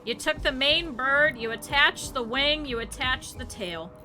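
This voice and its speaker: Bright-voiced excitable woman streamer. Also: sits high, unhurried, faint music behind. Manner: excitable, rambling, swings to loud outbursts. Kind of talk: casual gaming stream chat.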